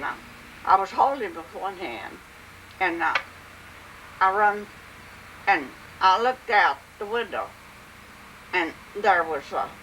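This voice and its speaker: An older woman with a drawl recalls family memories in a homey oral history recording. Her voice sits at an ordinary middle pitch, and she talks plainly and unhurriedly, filling her pauses with "and, uh". A faint hiss runs underneath. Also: a bit bright, rough recording. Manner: plain, unhurried narration with frequent "and, uh".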